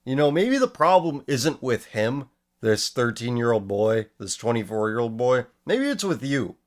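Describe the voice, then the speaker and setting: A man's voice: mid-range voice, very animated, moderate pace. A man hosting a casual commentary show, reading posts aloud and mocking them with sarcastic, profane remarks; he is losing his voice. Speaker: host.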